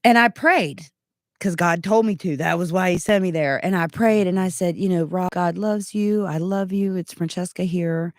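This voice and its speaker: A woman's voice: fairly low pitch, moderate pace, dry recording. Earnest woman telling a story, dry sound. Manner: earnest, animated storytelling with many asides. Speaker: guest giving testimony. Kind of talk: emotional personal testimony.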